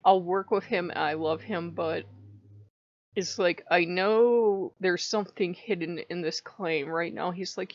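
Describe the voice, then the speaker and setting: A woman's voice: lowish voice, takes it slowly, no echo, lo-fi sound. A woman talking in a casual, wry, chatty vlog monologue about her spiritual life, laughing often. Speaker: spiritual vlogger.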